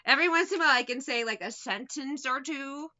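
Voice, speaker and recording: A woman's voice: sits high, quick pace, pushed and bright, dull audio. A woman giving a casual tarot reading, talking bluntly with lots of swearing and mockery. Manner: profane, blunt and mocking. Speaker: tarot reader.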